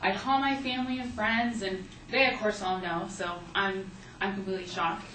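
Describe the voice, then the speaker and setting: A woman's voice: medium pitch, fairly even intonation, moderate pace, a bit bright. A young woman tells a personal story to a live audience in a loose, chatty way, full of casual fillers. She sounds set back from the microphone, and the room adds an echo. A faint hum of ambience sits under her voice. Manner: chatty, conversational, with frequent fillers. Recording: echoey room, distant mic, faint ambience.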